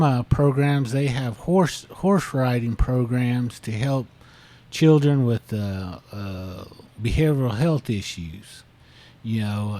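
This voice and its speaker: Slow talking guy, mellow voice, says you know a lot. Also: medium pitch. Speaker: podcast co-host. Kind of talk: casual storytelling.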